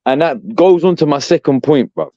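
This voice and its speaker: A man's voice: fairly high pitch, moderate pace, warm tone, dry recording. A young man ranting as a podcast co-host, profane and exasperated, saying "bruv" constantly. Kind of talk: heated fan rant. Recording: dull, dry lo-fi sound.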